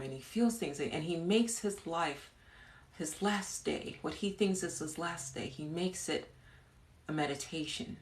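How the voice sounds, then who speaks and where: A woman with a low voice, talking slowly as she tells an improvised bedtime story on a livestream. Her narration turns hushed and gentle, and between lines she is chatty and quick to giggle. The sound is echoey, as if she is in a bare room. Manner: giggly, chatty, breaks into laughter. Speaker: livestream host.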